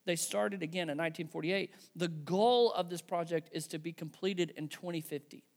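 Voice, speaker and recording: A man's voice: a little high, normal speed. A man preaching a conversational sermon to his church, emphatic and frequently checking in with "right?" and "okay". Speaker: pastor.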